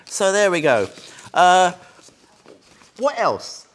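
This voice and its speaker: With slight background noise, a man with a high, fairly bright voice, big pitch swings and drawn-out words gives a casual Buddhist talk. A teacher in a meditation centre room, he chats, jokes and often quizzes his small group.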